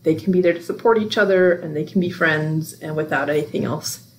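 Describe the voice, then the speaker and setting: Young woman, low voice, casual chatty podcast co-host, faint background hiss. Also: brisk. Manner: casual, hedging, lots of "like" and "you know". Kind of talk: casual chat about films.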